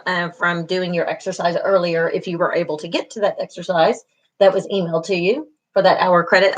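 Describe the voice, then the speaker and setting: Woman teaching a skin lesson. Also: medium pitch. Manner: encouraging, repeats key terms, many fillers. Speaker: beauty school instructor. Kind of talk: online class lecture.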